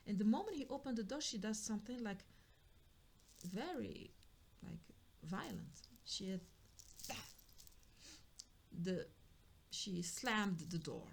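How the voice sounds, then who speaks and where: A woman's voice: mid-range voice, animated, slow, creaky, long pauses, a little hiss or hum. A woman channeling reader telling a story in a casual, rambling way, full of "like" fillers and restarts.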